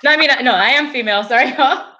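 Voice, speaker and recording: A woman's voice: high-pitched, very fast, sharp tone, muffled recording. Giggly Southern woman chatting. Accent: Southern American. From South Carolina. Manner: giggly, laughs often. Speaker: guest. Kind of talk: casual chat.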